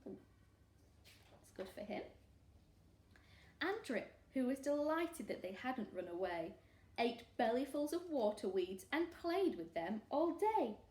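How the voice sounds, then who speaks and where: A woman teacher reads a picture book aloud to young children, animated and expressive. Her voice sits high and swings widely. She takes it slowly, and a roomy echo hangs on her words. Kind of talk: storybook read-aloud for children.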